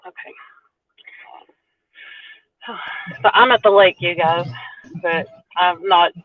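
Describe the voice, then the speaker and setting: A woman's voice: lowish voice, no room sound. Chatty woman on a tinny phone line. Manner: chatty, teasing, quick to laugh. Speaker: co-streamer. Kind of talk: casual live-stream chat. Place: parked car at a lake boat ramp.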